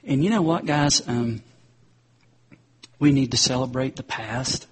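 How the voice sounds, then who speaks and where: Somewhat slow and slightly rough, this man's medium-pitched voice carries a chatty sermon. He frequently calls the crowd "guys" as he preaches.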